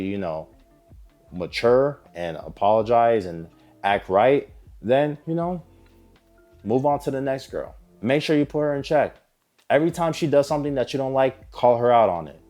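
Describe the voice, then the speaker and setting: A man's voice: medium pitch, dark tone. Blunt, profane male advice vlogger. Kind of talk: direct-to-camera advice monologue.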